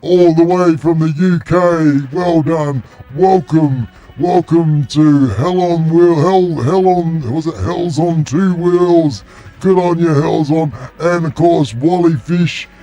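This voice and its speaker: An Australian man hosting a live stream, shouting greetings and thanking viewers with exuberant energy. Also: fairly high pitch, takes it slowly. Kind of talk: excited live stream chat. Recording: music playing behind.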